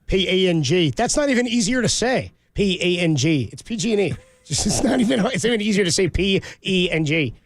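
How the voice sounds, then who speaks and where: A man's voice: high-pitched, big pitch swings, fairly quick, no echo. A man co-hosting sports radio, chatting casually in an easygoing way and laughing along. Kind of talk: casual chat.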